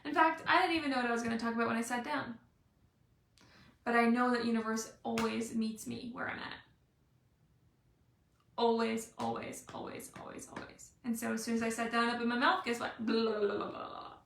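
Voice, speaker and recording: Bubbly, playful young woman coach talking live; high voice with some vocal fry, roomy sound. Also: fairly even intonation, a little fast, long pauses, fairly bright tone, slight background noise. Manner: bubbly and playful, acts out little scenes. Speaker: life and business coach. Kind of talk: motivational live video talk.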